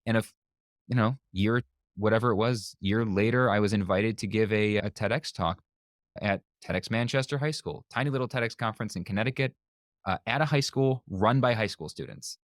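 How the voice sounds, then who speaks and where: A man telling a story as a guest on a podcast interview, animated and lively, acting out the people he quotes. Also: fairly low pitch, a little fast, no room sound, studio quality. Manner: lively storyteller who acts out quoted voices. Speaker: guest, magician and speaker.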